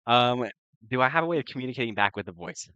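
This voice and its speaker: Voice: medium pitch, animated, quick pace, fairly bright tone, clean tone, no echo, highs cut off. A player in a tabletop game who talks hesitantly with many fillers and laughs often.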